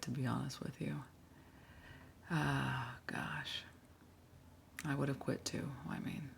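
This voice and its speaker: A woman giving casual, blunt reaction commentary on workplace stories, sighing often with exasperated asides. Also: rumbling low.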